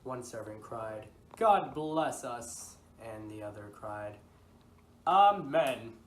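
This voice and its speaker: A teenage boy playing a guilt-ridden lord who has just committed murder, reading in a flat, stumbling way for a school project. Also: medium pitch, unhurried, close to an everyday voice. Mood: shaken. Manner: reads lines flatly with stumbles and self-corrections. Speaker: student actor. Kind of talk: amateur school-project reenactment. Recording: echoey room from a distance, noisy.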